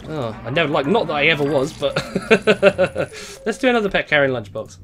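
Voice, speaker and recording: A man's voice: a little high, animated, normal speed, a bit bright. A young man casually commenting while he plays a game on a live stream, rambling and chatting to viewers. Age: young adult. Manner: rambling, chatty, reads out chat.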